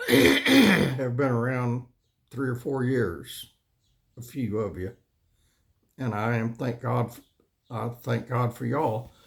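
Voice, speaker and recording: A man, hosting his own channel in a folksy, rambling, complaining monologue, often coughing and clearing his throat. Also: medium pitch, a bit bright. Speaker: channel host.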